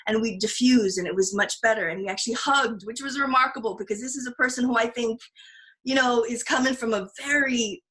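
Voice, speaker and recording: A woman's voice: fairly high pitch, fairly quick, a bit bright, poor audio. Earnest, reflective woman podcast host. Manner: earnest and reflective, with frequent restarts and laughs. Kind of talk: casual podcast conversation.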